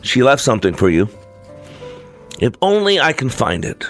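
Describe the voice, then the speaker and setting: Grieving young mother, a man reading her: gentle, apologetic, soft-spoken, over quiet music. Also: medium pitch, big pitch swings, normal speed.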